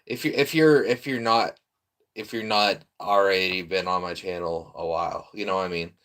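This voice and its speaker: Rambling male streamer, slightly low voice. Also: fairly even intonation, moderate pace, fairly bright tone. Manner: rambling, restarts often, bursts into laughter. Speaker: streamer reacting to videos. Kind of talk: casual live-stream reaction.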